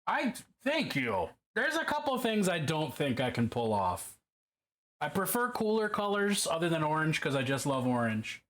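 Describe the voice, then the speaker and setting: A man's voice: on the high side, big pitch swings, moderate pace, a bit bright. A man casually chatting with his live-stream audience while painting miniatures, rambling, swearing and joking about himself. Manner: rambling, self-deprecating, profane.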